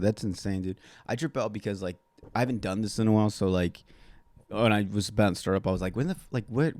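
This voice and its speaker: A man's voice: deep voice, creaky, a little mellow, dry recording. Profane rambling man ranting solo. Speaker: podcast host. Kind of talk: solo podcast rant.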